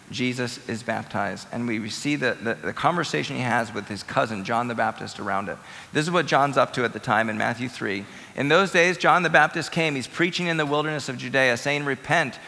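Guy preaching in a church, gravelly and bright, big echo in the hall. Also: medium pitch, fairly quick. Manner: emphatic, conversational preaching with repeated phrases. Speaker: pastor. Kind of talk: sermon. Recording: reverberant hall.

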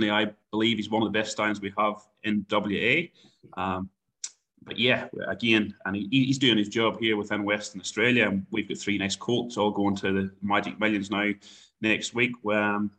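A young Irish man from Ireland who manages a stud farm, talking in a halting way with many repeated words and ums in an interview. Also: lowish voice, pushed and bright. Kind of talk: phone interview chat.

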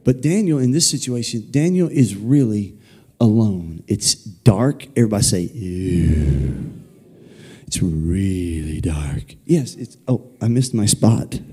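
A man's voice: medium pitch, animated, moderate pace, mellow, slightly rough. A man preaching a playful, jokey children's sermon in a church, leading the crowd in call-and-response. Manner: playful, jokey, leads the crowd in repeat-after-me calls. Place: church sanctuary.

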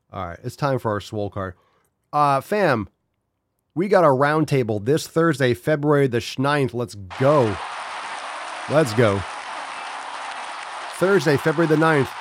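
A man's voice: mid-range voice, no room sound, studio quality. A man hosting a podcast in casual, exasperated commentary. He swears freely and talks straight to his audience. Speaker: podcast host.

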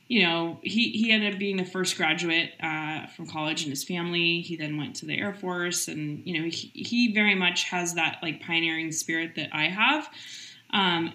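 Bright, energetic middle-aged woman in an echoey room. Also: lowish voice. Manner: energetic, quick, heavy use of "like" fillers. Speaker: entrepreneur guest. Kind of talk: casual interview chat.

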